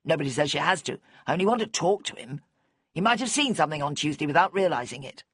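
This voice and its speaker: A woman's voice: sits low, expressive, quick pace, fairly bright tone, breathy edge, dry recording, studio quality, heavily acted. A woman voicing a grieving grown man who speaks curtly and bitterly. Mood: resentful. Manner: curt, bitter and snappish. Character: angry grieving grown man, blunt and resentful.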